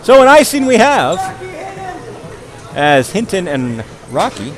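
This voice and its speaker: A man calling a ball hockey game play by play, tired after hours of talking, joking at his own expense and getting louder on goals. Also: high-pitched, slow pace, a crowd in the background. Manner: joking, self-mocking, rising excitement on goals. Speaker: play-by-play commentator.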